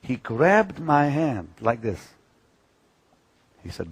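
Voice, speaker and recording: An older man preaching, telling personal stories emphatically and swinging from loud declarations to hushed moments. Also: medium pitch, big pitch swings, slow, long pauses, noisy background. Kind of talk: sermon-style teaching talk.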